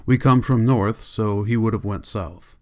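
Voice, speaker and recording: A man voicing a grim, weary ranch worker loyal to his friend, speaking in a low, quiet rural drawl. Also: a little slow, close to an everyday voice. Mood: despairing.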